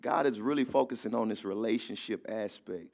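A man's voice: fairly low pitch, fairly quick, vocal fry, darkish tone. A man preaching a sermon in an emphatic, conversational style. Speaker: pastor.

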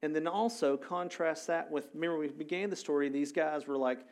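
A male pastor giving a sermon in a casual, animated storytelling way with frequent fillers. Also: a little high, a little fast.

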